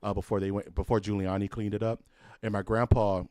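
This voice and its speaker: A man's voice: lowish voice, fairly quick, smooth, dry recording. A man co-hosting a casual podcast, telling loose, profane stories and acting out other people's voices along the way. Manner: animated storyteller who acts out voices, swears freely. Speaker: podcast co-host. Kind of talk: casual chat, storytelling.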